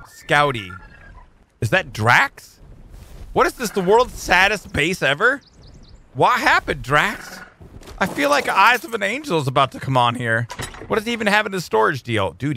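An excitable man narrating his gameplay in a lively, bouncing voice with a bright edge. He cheers, jokes and coos at his in-game pets, over a faint hiss. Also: sits high. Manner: excitable, jokey, talks to his tamed creatures. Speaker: gaming YouTuber. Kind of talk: let's play commentary.

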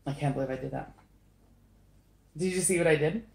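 A woman's voice: sits low, fairly quick, gravelly, darkish tone. A woman chatting casually and self-deprecatingly to the camera while she pours paint, giggling often. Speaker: acrylic pour artist. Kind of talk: casual craft vlog chat. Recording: echoey room.

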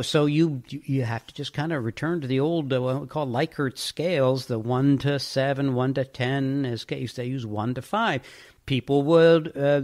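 Male podcast host, casual explainer, chatty and thinking aloud. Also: medium pitch.

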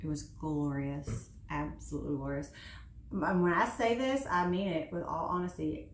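A woman's voice: sits low, moderate pace, echoey room. Chatty woman in her thirties venting. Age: 30s. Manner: chatty and animated, venting with sarcasm. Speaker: beauty vlogger. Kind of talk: casual chat while doing makeup. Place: home room.

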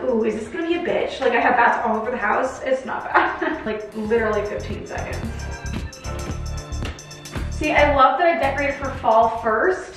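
A woman's voice: high voice, a bit bright. Chatty young woman vlogging at home. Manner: chatty, giggly, upbeat. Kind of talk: casual vlog chat. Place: at home, indoors. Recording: echoey room.

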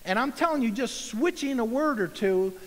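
A pastor preaching a sermon, earnest and conversational, acting out little asides and inner dialogue. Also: male voice, extremely high pitch, expressive, normal speed, in a large hall, low-quality recording.

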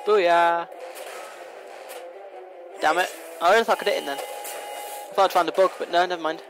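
A young man narrates his game run in a high, light voice, rambling fast and teasing the enemy. The recording carries a steady hiss of background noise. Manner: fast-talking, rambling, playfully taunting. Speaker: gameplay commentator. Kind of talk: casual let's play commentary. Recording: noisy home recording.

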